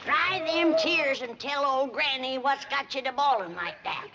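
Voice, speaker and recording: A woman's voice: high voice, measured pace. An actress playing a feisty, motherly old hillbilly grandmother who talks in a brash, folksy rural drawl. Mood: coaxing. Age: older. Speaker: Granny, a mountain grandmother. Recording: old sitcom audio with loud crowd noise.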